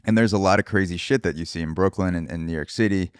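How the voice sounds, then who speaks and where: A male podcast host giving an animated solo monologue and casually swearing as he acts out quoted voices. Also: sits low, fast talker, smooth, no echo, studio quality. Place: Brooklyn, New York.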